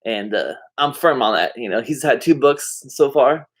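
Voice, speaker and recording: A man's voice: medium pitch, expressive, normal speed. Rambling laid-back man vlogging. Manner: meandering, filler-heavy, drifts off topic; laid-back slangy talk. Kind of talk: casual rambling monologue to camera.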